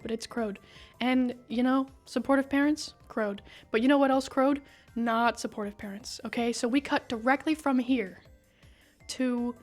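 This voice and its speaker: A woman casually recapping a story for her video, slangy and profane, talking into a broken microphone in a room. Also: fairly high pitch. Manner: slangy and profane, says bruh and brother. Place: indoor room with a whiteboard.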